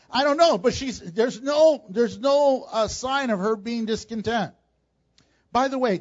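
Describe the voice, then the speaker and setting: A male pastor preaching a sermon, animated and acting out the people in the story in quick asides. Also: high voice. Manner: animated, acts out Bible characters in quick asides. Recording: dull lo-fi sound.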